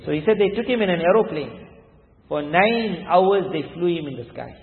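Man, preacher, emphatic sermon storytelling, slightly high voice, tinny thin sound, long hall echo. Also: lively intonation, moderate pace, slight background noise. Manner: emphatic, repetitive, rises sharply for emphasis. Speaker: Islamic preacher.

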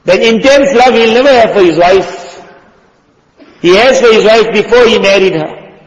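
A man's voice: high-pitched, normal speed. A male preacher giving an impassioned sermon in a mosque. He acts out the people he quotes and sometimes drops almost to a whisper. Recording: dull lo-fi sound in a reverberant hall.

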